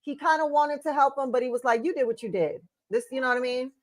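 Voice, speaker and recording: Talking fast in a high-pitched voice, a woman co-hosts a casual live-stream watch-along. She chats straight to the viewers and argues her own take.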